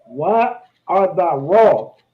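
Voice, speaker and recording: Man reading slowly over a tinny phone line. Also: high voice, animated. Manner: slow, halting reading. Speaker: student reader. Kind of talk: reading scripture aloud.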